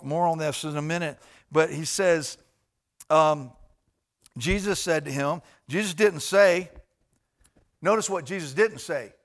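A pastor delivers a sermon in a voice that sits a little higher than most men's. He speaks directly to the people in front of him. He swings between loud, emphatic bursts and quiet, conversational asides.

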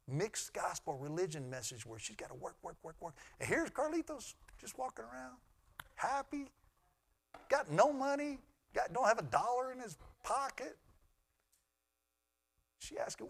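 A middle-aged man, a pastor, preaching a sermon in an earnest way that swings from loud to hushed. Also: sits high.

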